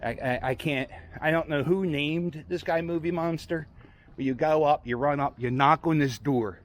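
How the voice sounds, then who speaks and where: At a normal pace and in a slightly high voice, a man rambles through his walking vlog outdoors on a city street. He's chatty and self-deprecating, and a faint hiss or hum runs under the recording.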